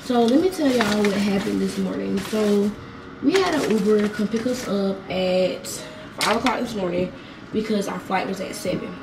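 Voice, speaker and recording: A woman's voice: medium pitch, moderate pace, gravelly, reverberant, distant mic, over music, rough recording. A young woman vlogger telling a story in casual slang, swearing freely and talking with lots of energy.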